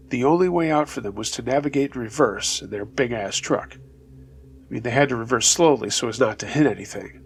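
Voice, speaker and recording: A man hosting a storytelling channel, reading true scary stories in a steady, low-key scripted narration. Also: vocal fry, slight background noise.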